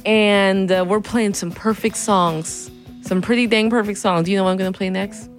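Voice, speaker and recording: A woman's voice: mid-range voice, fairly even intonation, normal speed, faint music behind. Upbeat woman radio host. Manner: playful, upbeat, laughing easily. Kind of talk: casual on-air chat during a pledge drive. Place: radio studio.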